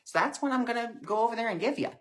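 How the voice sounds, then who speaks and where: A man's voice: very high voice, lively intonation, very fast, fairly bright tone, voice pushed up. A man voicing a loving, patient divine spirit that speaks reassuringly and affectionately.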